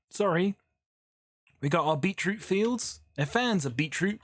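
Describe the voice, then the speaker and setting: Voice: mid-range voice, animated, unhurried, no room sound, studio quality. A gaming YouTuber, chatting casually while building in a sandbox game, rambling and often breaking off mid-thought. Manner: chatty, rambling, self-interrupting. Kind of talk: casual Minecraft building commentary.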